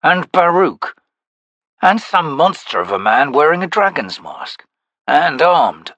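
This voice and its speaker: A man's voice: on the high side, sing-song, takes it slowly, sharp tone, dry recording, dull audio, voice pushed up, exaggerated voice. A male narrator voicing a weary male assassin who growls terse lines in an audiobook. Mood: grim. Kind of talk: audiobook character voice.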